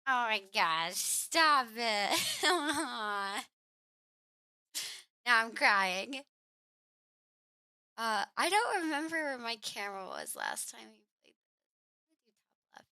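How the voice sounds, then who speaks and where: Bright-voiced woman streamer chatting. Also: fairly high pitch, wildly swooping pitch, slow pace, pauses often, smooth, dry recording, studio quality. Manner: chatty, scolds and coos at her cat. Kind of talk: casual live-stream chat. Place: home room.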